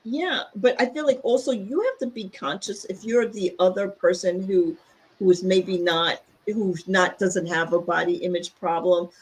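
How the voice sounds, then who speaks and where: Middle-aged woman podcast cohost, candid chatty storytelling, voice jumps up high when she gets riled. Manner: animated storytelling, quick pitch jumps when upset. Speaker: podcast co-host. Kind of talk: candid casual chat.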